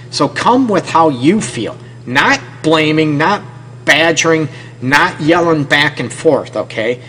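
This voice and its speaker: A man's voice: a little high, lively intonation, unhurried, fairly bright tone, slight background noise, low-quality recording. A man hosting a relationship advice radio show, talking earnestly and often checking in with "okay?". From Detroit area. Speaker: radio show host and counselor.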